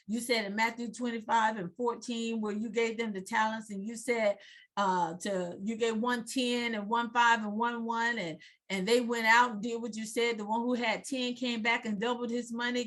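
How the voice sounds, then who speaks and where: A middle-aged woman, a pastor and investor, telling her story in an interview with fervent preacher-like delivery, quoting scripture and building up to shouts. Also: a little high, fairly even intonation, moderate pace.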